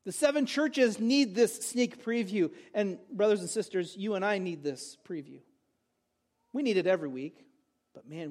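A middle-aged male pastor giving a sermon in a conversational way, asking rhetorical questions and joking with the congregation. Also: very high-pitched.

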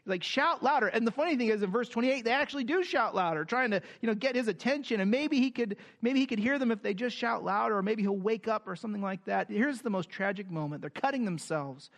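High-voiced man preaching a verse-by-verse sermon. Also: expressive, quick pace, hardly any pauses. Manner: explains scripture with fillers, reads verses with rising emphasis. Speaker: pastor.

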